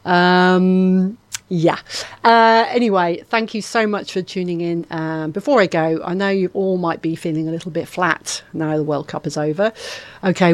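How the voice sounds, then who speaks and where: A woman's voice: lowish voice, darkish tone. A woman presenting local radio from a studio, bubbly and chatty with lots of fillers as she signs off. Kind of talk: live radio chat, signing off. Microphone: studio microphone.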